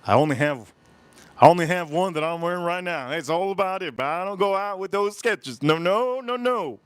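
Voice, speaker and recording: A man hosting a livestream, telling a story in an animated, emphatic way and repeating phrases for effect. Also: sits high, fairly quick, clean tone, no echo. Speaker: livestream host. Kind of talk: live-stream storytelling chat.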